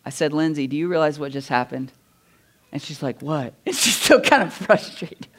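Animated man telling church stories. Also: a little high, normal speed. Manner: animated, conversational storytelling with laughs and asides. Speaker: pastor. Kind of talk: sermon storytelling.

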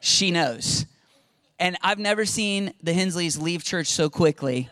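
Animated, high-voiced male pastor. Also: measured pace, dry recording. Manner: animated storytelling, conversational, repeats words. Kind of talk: sermon.

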